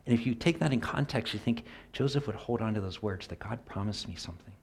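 A middle-aged man preaching a sermon in an earnest voice, swinging from loud emphasis to soft near-whispered asides. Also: on the low side, fast, few pauses, slightly rough.

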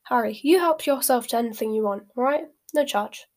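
A woman's voice: on the high side, a little mellow, close to an everyday voice. George Weasley, read by a woman, breezy joke-shop twin. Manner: brisk and breezy. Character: young man, cheerful joke-shop twin. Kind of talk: reading a novel aloud.

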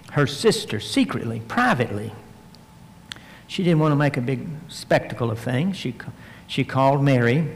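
A man delivers a verse-by-verse sermon into a microphone, reading scripture aloud and pressing each point with emphasis. His voice sits at an ordinary middle pitch for a man. A long reverb trails after his words in the hall. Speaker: preacher.

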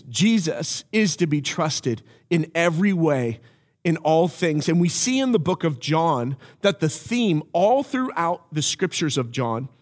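A man's voice: fairly high pitch, big-room sound. A middle-aged male pastor preaching a sermon, telling a story and acting out phone calls in raised voices.

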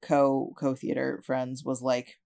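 A young woman in casual conversation, telling animated stories and slipping into quoted voices. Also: a bass voice, slow pace, creaky, clean tone. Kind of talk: casual chat.

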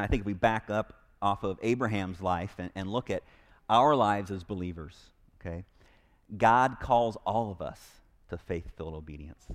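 A pastor with a low voice preaches to a live congregation in church. He is earnest and emphatic, repeating key phrases and often restarting.

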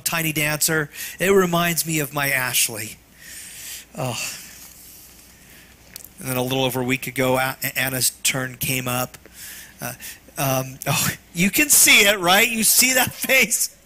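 A man preaching a sermon in an earnest, tender way, sometimes dropping to a hush. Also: a little high. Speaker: pastor.

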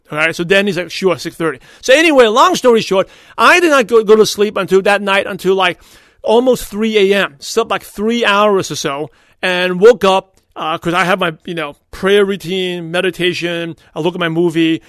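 A man hosting a podcast, telling casual stories and quoting people in quick back-and-forth. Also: high voice, expressive, a bit bright, no room sound, clean studio sound. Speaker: podcast host. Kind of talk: casual storytelling monologue.

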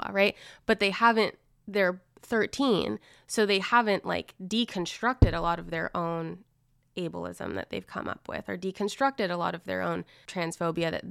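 A woman guest on a podcast, talking in a chatty, animated way about teaching, full of likes. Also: lowish voice, vocal fry, no echo, clean studio sound. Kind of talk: casual chat.

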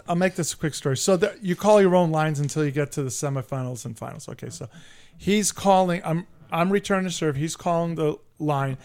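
A middle-aged man telling a story on a sports podcast with a voice a bit higher than most men's. He talks in a blunt, profane and animated way, building the tale up with plenty of attitude. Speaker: podcast host. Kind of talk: casual sports chat and storytelling.

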